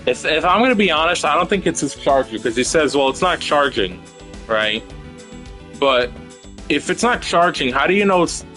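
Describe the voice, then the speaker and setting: A male streamer thinks out loud in casual gaming chat, rambling and swearing freely. His voice sits slightly high and rises and falls in a lively way. Faint music plays behind him. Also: moderate pace.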